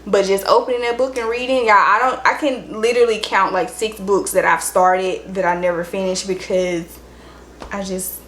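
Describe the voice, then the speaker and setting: A woman's voice: mid-range voice, steady tone, moderate pace, fairly bright tone, a little hiss or hum. A young woman, chatting upbeat and directly to her viewers in a casual vlog. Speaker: vlogger. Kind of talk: casual chat to camera. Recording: roomy room echo.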